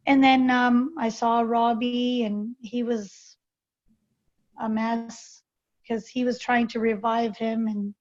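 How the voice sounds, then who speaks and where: A woman guest telling a personal story in an interview, halting and hesitant with many fillers and restarts. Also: on the high side, level tone, a little mellow. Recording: dull lo-fi recording.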